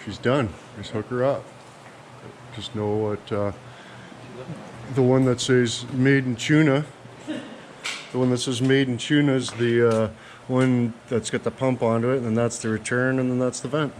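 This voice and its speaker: A man's voice: medium pitch, steady tone, normal speed, long pauses, rough recording. A man vlogging casually about fixing engines, joking and rambling with some swearing. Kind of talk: casual garage chat. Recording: loud outdoor noise.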